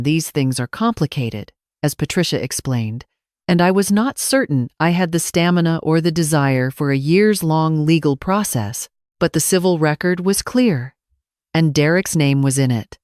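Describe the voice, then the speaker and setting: Low-voiced older woman telling a story. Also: no echo, clean studio sound. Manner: measured, calm and reflective. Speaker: narrator. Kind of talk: first-person story narration.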